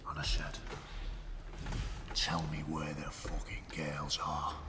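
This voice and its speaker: An actor playing a boastful, crude hitman who tells his story with swagger, profanity and drawn-out emphasis, in an acting class monologue. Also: sits low, big-room sound, noisy background. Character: boastful crude male hitman telling war stories.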